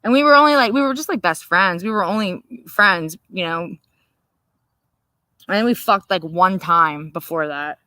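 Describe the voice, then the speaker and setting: Bright, foul-mouthed woman telling stories. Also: lowish voice, moderate pace, no echo. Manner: profane, animated, laughing often. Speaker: livestream host. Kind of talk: casual storytelling chat.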